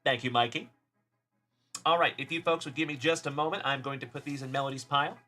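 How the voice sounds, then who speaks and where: A man from Texas runs a casual live stream of card pack openings, calling out players and thanking viewers by name. His voice is bright and forceful, with mid-range pitch. Faint music plays behind him. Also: steady tone, quick pace. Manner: upbeat, shouting out chat viewers by name. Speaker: card-breaking livestream host.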